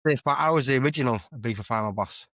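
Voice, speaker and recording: A young man, guesting on a casual podcast. He meanders through his anecdotes, stopping and correcting himself as he goes. His voice sits at an ordinary pitch, recorded close on a dry mic. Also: rapid-fire, a bit bright, no echo. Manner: rambling, self-correcting storyteller. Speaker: guest streamer and musician.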